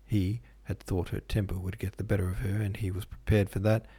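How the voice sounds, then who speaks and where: A man narrating a classic novel as an audiobook host, in a measured, even storytelling manner. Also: fairly low pitch, breathy edge. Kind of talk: scripted literary narration.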